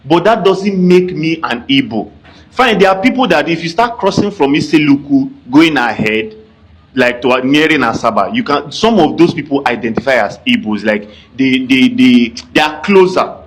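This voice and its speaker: A man's voice: mid-range voice, expressive, normal speed, breathy edge, poor audio. A Nigerian man with a Nigerian accent delivering a heated, insistent monologue. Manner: insistent, indignant. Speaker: speaker in a played clip.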